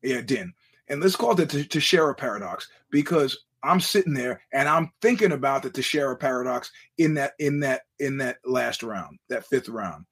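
A middle-aged man hosts his podcast in a husky voice of middling pitch. He rambles through stories, restarting phrases and speaking bluntly, with profanity. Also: animated, moderate pace, fairly bright tone. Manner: digressive storytelling with frequent restarts and laughs. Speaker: podcast host. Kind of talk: casual rambling monologue.

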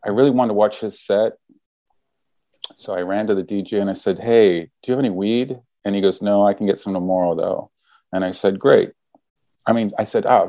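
A man's voice: on the low side, dark tone, no room sound. A man casually telling a story, acting out the quoted lines as he goes.

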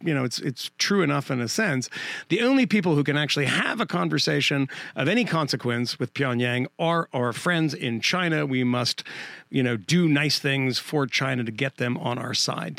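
Podcast co-host, man, gravelly and a touch high, emphatic and sardonic, dry close mic. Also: a bit bright, dry recording. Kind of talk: casual political chat.

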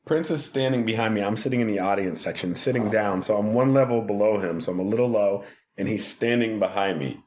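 A man, a television producer and podcast guest, telling stories in a casual, animated way and laughing often. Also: on the low side, brisk, slight background noise. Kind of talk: casual storytelling.

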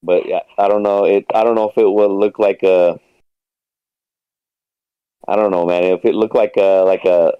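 Casual male guest, very deep, mellow voice, rambling delivery, dry lo-fi recording. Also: flat delivery, normal speed, pauses often, clean tone, dry recording. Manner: rambling, lots of fillers and restarts, swears casually. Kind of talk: casual podcast chat. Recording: dull lo-fi sound.

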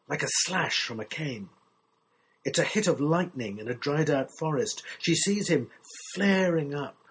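A man reading a literary short story aloud in a measured, expressive storytelling manner. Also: on the high side, slight background noise, poor audio. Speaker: story reader.

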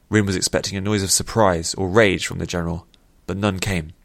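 Brief: low male narrator, steady and measured, dry close sound, fantasy audiobook. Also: creaky, no echo.

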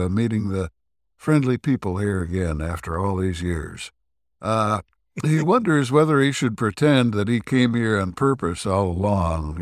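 A low-voiced man, a podcast co-host, recaps events in a casual discussion, recorded dry. His retelling rambles, is heavy with filler, and is broken up by frequent throat clearing.

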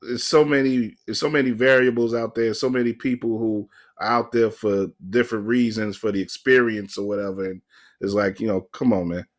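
A man's voice: fairly low pitch, fairly even intonation. A man hosting a casual podcast chat, often stalling and repeating words as he talks. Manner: halting, repeats words, laughs along. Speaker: podcast host.

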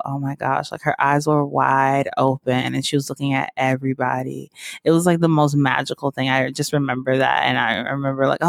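A woman's voice: low voice, vocal fry, dry recording, clean studio sound. A woman from the American South, a podcast host, telling her own story in a rambling, casual way with lots of fillers and frequent laughs.

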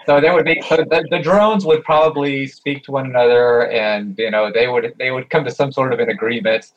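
A man's voice: mid-range voice, steady tone, a little fast. A man in a casual group chat, thinking aloud through a speculative idea. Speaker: participant. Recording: dull lo-fi sound.

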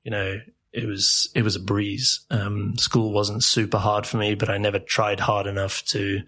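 A man's voice: on the low side, little pitch movement, normal speed, sharp tone. A man from South Africa, a podcast guest telling rambling, joking stories in a casual interview and laughing often.

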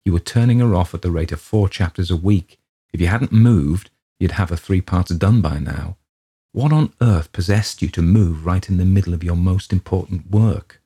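A frank, devoted woman friend who speaks bluntly and pointedly, as a man reading the story gives her voice. The tone is low, dark and a little husky, and there is little lift to mark her apart. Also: moderate pace.

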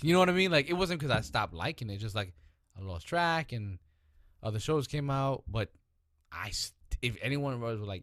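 Animated man, dry close mic. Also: medium pitch, moderate pace, no echo. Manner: animated, swearing, acts out characters. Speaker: podcast co-host. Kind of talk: casual chat about TV shows.

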